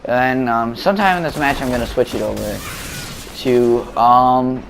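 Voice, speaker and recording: A man talks over his gameplay footage in a loose, rambling way, stopping for fillers and restarting his sentences. His voice sits at an ordinary middle pitch. A faint hum of room ambience sits behind him at home. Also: measured pace, creaky. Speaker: gameplay commentator.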